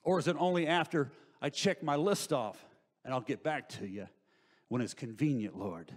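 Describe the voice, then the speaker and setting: A middle-aged male pastor delivers a sermon in a church sanctuary. His voice sits at an average pitch. He peppers the talk with rhetorical questions and swings between ringing emphasis and near-hushed asides. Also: normal speed.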